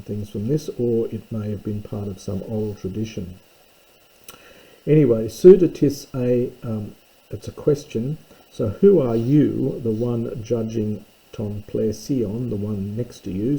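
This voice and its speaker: A man explains a text line by line in an unhurried lesson. His voice is dark and gravelly, and he moves along slowly, stopping often with thoughtful fillers. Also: on the low side, poor audio. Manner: thoughtful, pauses with fillers while translating. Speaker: Greek teacher. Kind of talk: slow translation lesson.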